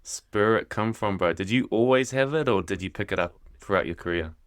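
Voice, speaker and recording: A man with a New Zealand accent hosting a casual podcast interview, relaxed and chatty, dropping slang like "bro" and "eh". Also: on the low side, fairly quick, smooth, dry recording. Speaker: podcast host.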